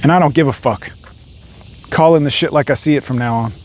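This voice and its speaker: A man's voice: medium pitch, brisk, a little hiss or hum. A man delivering an angry, profanity-laden rant straight to camera as a vlogger. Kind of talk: ranting monologue.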